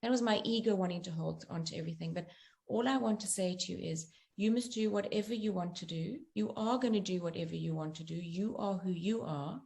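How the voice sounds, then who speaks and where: A middle-aged woman speaks in a low, gravelly voice with a gentle, earnest tone. She talks reflectively as an interview guest, working through her points with personal examples. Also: brisk. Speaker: guest author and coach.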